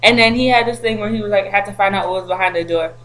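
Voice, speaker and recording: A woman vlogging to camera, telling a story in an animated, slangy way with frequent laughter. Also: medium pitch, rapid-fire, rough recording.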